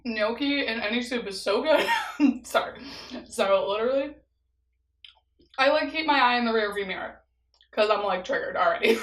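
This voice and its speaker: A woman's voice: a little high, moderate pace, long pauses, a bit bright, reverberant, low-quality recording. Chatty young woman, lots of "like". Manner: chatty, heavy use of "like", laughs often. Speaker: vlogger. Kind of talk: casual storytelling mukbang.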